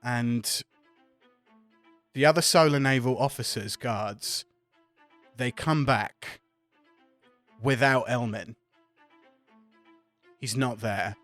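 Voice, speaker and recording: A man runs a tabletop game as its game master. He narrates in a loose, descriptive way at a mid pitch. A fiddle tune plays faintly behind him. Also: slow, pauses often, a bit bright, dry recording, soft background music.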